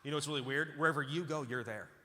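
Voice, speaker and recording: Racing along in a slightly high, sharp voice, a pastor preaches emphatically in a large church auditorium, repeating phrases and calling out to the congregation. A little hiss or hum accompanies the big-church hall reverb.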